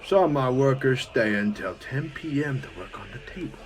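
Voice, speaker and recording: A man's voice: mid-range voice, lively intonation, moderate pace, slight background noise, pitched above the performer's own voice, natural voice. A man voicing a hot-headed Korean restaurant owner who talks with a heavy put-on accent. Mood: angry shouting.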